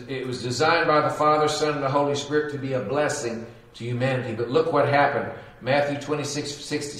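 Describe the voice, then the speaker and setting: A man preaching a sermon as pastor, dramatic and animated, acting out quotes and sound effects. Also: medium pitch, distant mic. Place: church sanctuary. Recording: echoey church recorded from afar.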